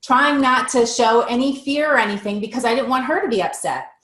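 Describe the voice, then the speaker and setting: A woman in her fifties tells a personal story as an interview guest, slipping into the voices of the people in it. Her voice sits a little high. The recording has a roomy echo. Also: fairly quick. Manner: animated, acts out quoted dialogue.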